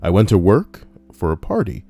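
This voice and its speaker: Man, narrator, low voice, mellow tone, dry matter-of-fact reading. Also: huge pitch swings, normal speed. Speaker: narrator reading online posts. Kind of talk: casual story reading.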